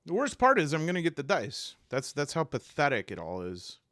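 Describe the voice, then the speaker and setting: Animated man unboxing games. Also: on the high side, a little fast, no room sound, clean studio sound. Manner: animated, exasperated, rambling with restarts. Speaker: tabletop game reviewer. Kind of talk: casual unboxing vlog.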